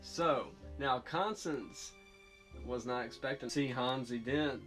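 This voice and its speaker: A man talks through a TV episode recap in a loose, casual way. He keeps correcting himself and fills the gaps with ums and you-knows. A guitar track plays clearly underneath, and his pitch sits in a middling range. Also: takes it slowly, fairly bright tone. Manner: rambling, filler-heavy, self-correcting. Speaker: TV show reviewer. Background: guitar music.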